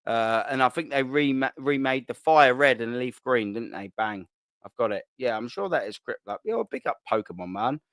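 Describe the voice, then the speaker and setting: A man's voice: mid-range voice, lively intonation, moderate pace, fairly bright tone, no echo. A young man hosting a casual live stream, reading out chat and bantering in a laddish, sweary way with frequent laughs.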